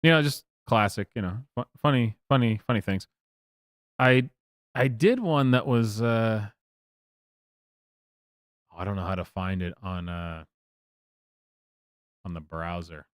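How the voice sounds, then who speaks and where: A man's voice: lowish voice, measured pace, pauses often, clear, resonant tone, no room sound, studio quality. A man streaming live, rambling through profane commentary with many fillers and restarts. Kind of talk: casual livestream commentary.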